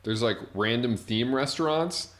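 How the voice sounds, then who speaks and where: A man's voice: medium pitch, unhurried. A young man in his twenties telling a long, rambling story in casual chat, full of "like". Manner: rambling storyteller, heavy filler "like". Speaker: podcast co-host.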